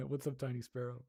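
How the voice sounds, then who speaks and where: A man's voice: mid-range voice, warm tone, husky. A man casually chatting on a livestream, reading chat, laughing often and repeating words as he tries out pronunciations. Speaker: streamer reading live chat.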